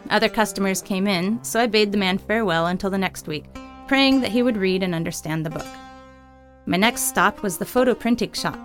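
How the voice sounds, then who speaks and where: A woman narrating her own missionary story in a gentle, earnest reading. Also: mid-range voice. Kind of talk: scripted narration.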